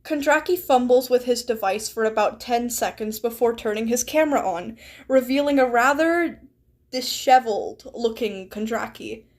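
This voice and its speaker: A woman streamer narrating a game in a casual, sarcastic way. Her voice sits high and she often giggles and swears. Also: normal speed. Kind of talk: casual live-stream chat.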